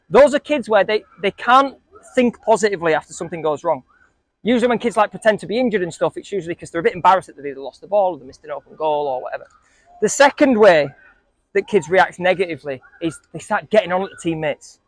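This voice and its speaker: A man's voice: sits high, expressive, fast, no echo. A man coaching a group of young football players, asking them questions and joking with them. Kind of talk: coaching talk to a group of kids.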